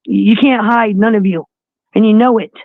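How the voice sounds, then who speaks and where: A woman's voice: mid-range voice, steady tone, normal speed, no room sound. A woman ranting on a livestream, mocking and scornful, swearing constantly. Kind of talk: heated livestream rant. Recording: tinny phone-like line.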